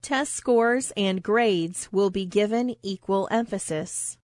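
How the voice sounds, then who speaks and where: A woman reading example sentences aloud for a language lesson, slow, even and deliberate. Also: medium pitch, dry recording, studio quality.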